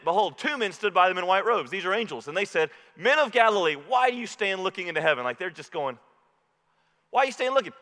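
A man preaching a sermon as pastor, impassioned, dropping low and quiet when he quotes scripture. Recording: reverberant hall.

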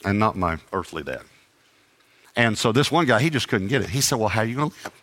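Bright-voiced man preaching a story. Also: lowish voice, quick pace. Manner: animated anecdotes with acted-out dialogue and self-deprecating humor. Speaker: traveling preacher. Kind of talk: sermon storytelling.

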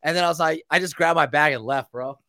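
A man telling stories as a guest in a casual chat, animated and full of swearing. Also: on the high side, fast, dry recording, clean studio sound. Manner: animated, profane storytelling.

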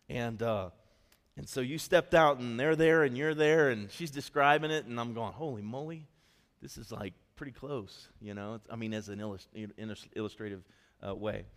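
A man preaching a sermon as pastor, telling a story in a lively, conversational way with quick asides. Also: mid-range voice, long reverb tail. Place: church hall.

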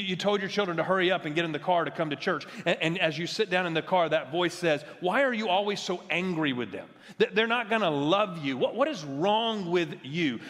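Preaching man, slightly high voice, big hall reverb. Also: fairly bright tone. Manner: emphatic, checks in with the audience with "right?"; frequent stammered restarts. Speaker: pastor. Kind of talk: sermon. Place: large church worship center. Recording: long hall reverb from a church sanctuary.

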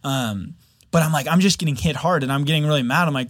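A man's voice: mid-range voice, animated, fast, a bit bright, no room sound, clean studio sound. A young man giving a personal faith testimony, speaking in an open, candid and earnest way. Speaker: video editor sharing a faith testimony.

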